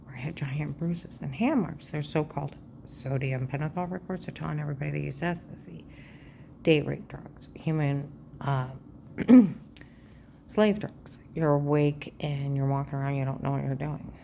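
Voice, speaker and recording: A woman talking straight at the camera in a rambling personal monologue, agitated and aggrieved, jumping from claim to claim and often dropping to a hushed, half-whispered voice. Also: low voice, fairly even intonation, moderate pace, vocal fry, slight background noise. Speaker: vlogger.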